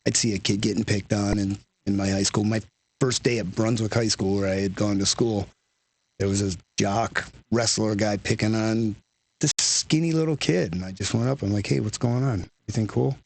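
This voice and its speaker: A man's voice: on the low side, steady tone, moderate pace, no room sound. A man guest, a lead singer, telling stories in casual conversation, rambling and full of "you know" and "like".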